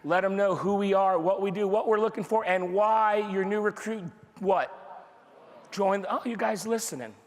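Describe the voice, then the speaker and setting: A man with a high voice leads a motivational sales training for a live crowd. He repeats his points over and over, fires rhetorical questions and acts out dialogue. His voice rings with the long reverb of a big hall. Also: normal speed. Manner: energetic and repetitive, drives points home with rhetorical questions. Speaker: sales team leader giving a motivational training talk. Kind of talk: motivational speech to a live audience. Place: large room with an audience.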